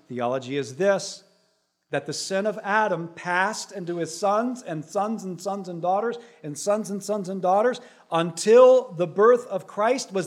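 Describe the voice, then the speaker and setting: A man preaching a sermon in a somewhat high voice. He sinks into quiet, hushed stretches, then climbs back up to loud, ringing emphasis. He stacks repeated phrases to build each point. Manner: swings from hushed, low intensity to loud, rising emphasis. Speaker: pastor.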